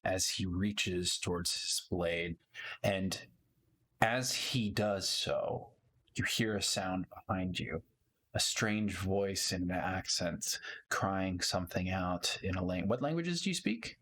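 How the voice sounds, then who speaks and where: A man narrating as game master in a tabletop game, in measured, descriptive narration. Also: low-pitched, fairly bright tone.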